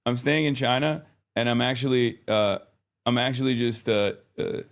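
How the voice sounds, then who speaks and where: A man's voice: mid-range voice, moderate pace, creaky. Rambling exasperated male streamer. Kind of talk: casual live-stream chat.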